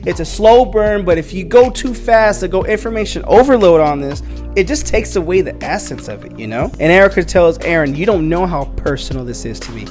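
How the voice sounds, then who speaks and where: A man recapping a comic book story in a casual, slangy, excitable way, acting out the characters' lines as he goes. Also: fairly high pitch. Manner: animated, slangy, excitable retelling.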